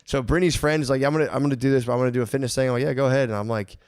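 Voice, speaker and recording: A man co-hosting a podcast, telling animated stories and acting out quotes with plenty of swearing. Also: medium pitch, racing, smooth, dry recording, studio quality. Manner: animated storyteller, swears a lot, acts out quotes. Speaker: podcast co-host. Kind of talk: casual chat.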